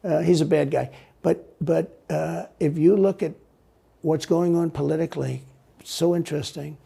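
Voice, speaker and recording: Gravelly, husky man rambling emphatically. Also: a little high, fairly even intonation, normal speed, mellow. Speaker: interview guest. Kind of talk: political interview answers.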